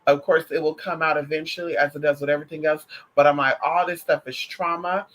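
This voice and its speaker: A woman's voice: sits low, fairly even intonation, fast talker, low-quality recording. A trans woman delivering a casual opinion monologue to her viewers, sassy and emphatic, with heavy profanity and pet names like honey and girl. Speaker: vlogger.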